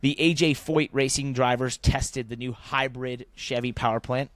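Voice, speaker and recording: A man co-hosting a motorsport podcast in casual chat, rambling and thinking aloud, growing animated when he rants. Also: medium pitch, normal speed, dry recording. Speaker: podcast co-host.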